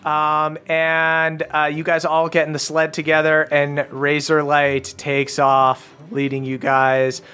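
A man's voice: completely flat delivery, takes it slowly, few pauses, pushed and bright, smooth. A man narrating as game master of a comedic tabletop game, with jokey asides. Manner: jokey, jumps into squeaky high character voices.

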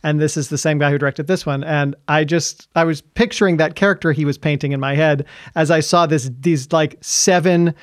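A man's voice: on the high side, steady tone, brisk, few pauses, no echo, clean studio sound. A man hosting a podcast, chatting casually and laughing often as he leads the talk. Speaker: podcast host. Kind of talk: casual chat.

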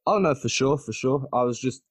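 A man's voice: medium pitch, expressive, brisk, slightly rough, no echo. A man co-hosting a sports podcast in casual chat, blunt, opinionated and teasing. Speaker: podcast co-host.

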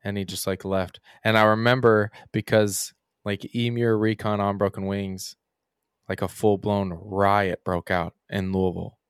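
A young man talks casually as a podcast guest, his low voice smooth and resonant. He rambles through his stories, leaning on "like" and "um" as he goes. The sound is close and dry, with no room around it. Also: little pitch movement, measured pace, dry recording. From Kentucky. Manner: rambling, frequent "like" and "um" fillers. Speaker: musician guest.

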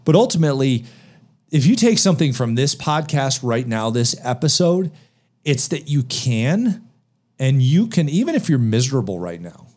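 A man talks with a lively, swooping voice that rises and falls a lot as he drives his points home. He asks himself questions and answers them. It is the energetic delivery of motivational podcast talk. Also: medium pitch. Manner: emphatic, animated, rhetorical questions. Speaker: podcast guest author.

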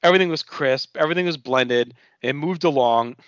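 A man's voice: fairly high pitch, a little fast, a bit bright, no echo, highs cut off. A man co-hosting a podcast in casual chat, enthusiastic and rambling. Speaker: podcast co-host.

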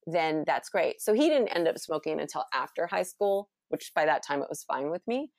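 A middle-aged woman from California, chatting casually and telling a story with animated acted-out quotes. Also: low voice, normal speed, dry recording, clean studio sound. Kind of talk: casual conversation.

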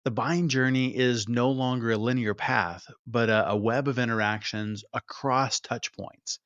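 A man hosts a podcast and talks through a story with energy, in the easy tone of conversation. His voice sits at an ordinary middle pitch. The sound is dry and a little muffled. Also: steady tone, unhurried, fairly bright tone, no echo. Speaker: podcast host. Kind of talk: podcast monologue.

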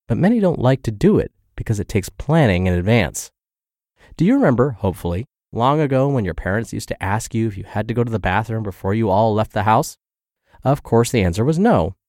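A man's voice: medium pitch, darkish tone, dry recording. A man narrating a health podcast, reading a fitness blog post aloud with dry humor.

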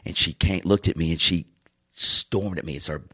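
Middle-aged male podcast co-host, deep voice, loose rambling anecdotes. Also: fairly even intonation, moderate pace, husky. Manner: rambling, warm storyteller with restarts and asides. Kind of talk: casual chat, personal storytelling.

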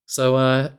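A man's voice: medium pitch, clean tone. A man hosting a podcast in casual chat, laughing often and poking fun at himself. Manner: laughs often, self-deprecating. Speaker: podcast host. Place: apartment in Mexico.

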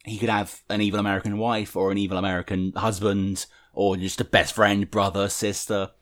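A man's voice: fairly low pitch, flat delivery, brisk, a bit bright. A man hosting a fan podcast, chatting casually and reading listener letters aloud. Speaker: podcast host.

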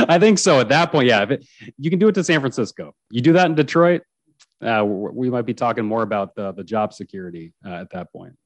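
A man's voice: on the low side, expressive, a little fast, no room sound. A man who is a sports reporter, chatting casually about football as a guest, with frequent restarts and chuckles.

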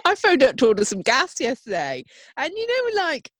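Chatty woman, lively pitch. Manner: chatty, swearing, quick to laugh. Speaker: podcast co-host. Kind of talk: casual chat.

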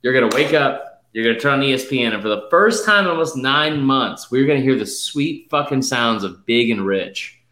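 A man's voice: mid-range voice, expressive, a little fast, hardly any pauses, pushed and bright, slight background noise. Profane, rambling man in an echoey room. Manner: profane, rambling, mock-emotional speechifying. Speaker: podcast co-host. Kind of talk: casual sports betting chat.

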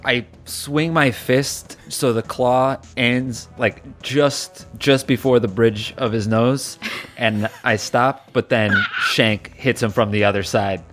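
A man playing a tabletop game, describing his character's attacks in a relaxed, amused way. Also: medium pitch, slow, faint music behind. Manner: relaxed, laughing, describing actions. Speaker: player. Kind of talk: casual tabletop play.

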